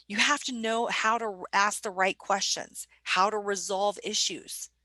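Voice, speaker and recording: A woman's voice: mid-range voice, fairly even intonation, unhurried, pushed and bright, no echo. A woman presenting a staff training webinar in a conversational way, putting questions to her audience.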